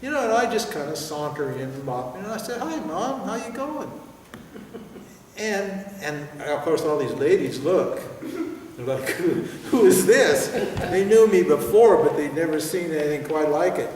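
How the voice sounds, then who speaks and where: An older man giving a spiritual teaching at a seminar, telling stories in an animated way with laughter and swearing. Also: a little high, moderate pace, a little hiss or hum. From United States. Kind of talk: seminar talk. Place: large hall with audience. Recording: echoey hall, voice from far off.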